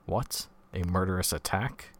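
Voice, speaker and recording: A man reading the lines of a calm, brisk and kindly doctor who speaks in a practical way. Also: low voice.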